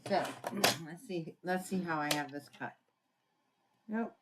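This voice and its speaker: A woman giving a casual card-making tutorial, chatting and thinking aloud as she works, often clearing her throat. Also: on the low side, measured pace, very noisy. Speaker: papercraft demonstrator.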